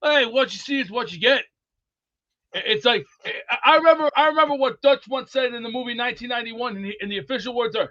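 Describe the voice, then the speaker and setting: A man with a high, sharp, bright voice hosts a live sports talk chat. He rambles boisterously from one movie quote to the next. The audio is dull and lo-fi. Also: fast. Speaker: host of a sports talk show.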